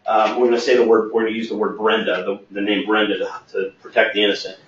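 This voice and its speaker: A man's voice: fairly low pitch, little pitch movement, quick pace, dull audio, slight background noise. Man telling a workplace story, echoey and distant. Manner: anecdotal, acts out quoted dialogue. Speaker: sales trainer. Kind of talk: storytelling training webinar.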